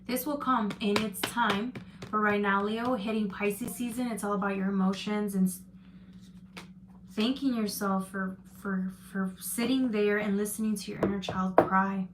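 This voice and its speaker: A woman's voice: medium pitch, fairly even intonation, moderate pace, background noise. A woman giving a live-stream tarot reading, chatting loosely and reading out viewer comments with frequent restarts. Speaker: tarot reader.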